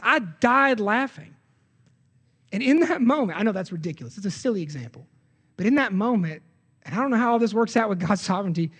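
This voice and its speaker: A man, preaching a sermon as pastor in an earnest, conversational way with self-corrections. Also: high-pitched. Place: church sanctuary. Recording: long hall reverb of a church.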